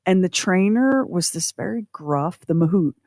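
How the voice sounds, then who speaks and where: A woman co-hosting a podcast, telling a personal story in an animated, self-deprecating way with acted-out quotes. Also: on the low side, moderate pace, no echo, studio quality. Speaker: podcast co-host.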